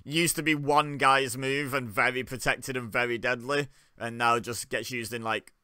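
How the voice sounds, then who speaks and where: A man's voice: mid-range voice, fairly even intonation, normal speed, bright, forceful tone, clear, resonant tone, no room sound, studio quality. A young man giving wry, joking commentary while watching along, often laughing. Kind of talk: casual live commentary.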